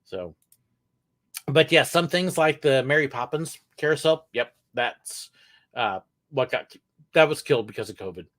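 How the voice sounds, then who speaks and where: A man's voice: medium pitch, a little slow, a bit bright. A man hosting a live question-and-answer stream, chatting casually and rambling a little, with corny puns thrown in. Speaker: livestream host answering viewer questions.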